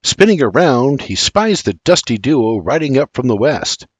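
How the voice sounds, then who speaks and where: An older man narrating a historical audiobook in an expressive storytelling manner. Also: medium pitch, moderate pace, husky, no echo.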